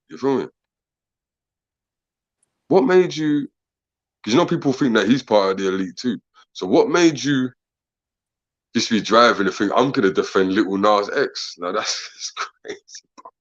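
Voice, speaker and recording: A man, co-hosting a casual podcast chat. He talks in an animated way, fires off questions, laughs often and keeps saying "bro" and "man". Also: mid-range voice, normal speed, long pauses, muffled recording. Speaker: podcast co-host.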